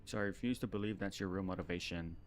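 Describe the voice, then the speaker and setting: A battered female android doll, calm and defiant, with a quietly mocking edge, voiced by a man reading game dialogue on stream. The voice sits deep and low. Her words come steady and unhurried. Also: faint music behind, close to an everyday voice.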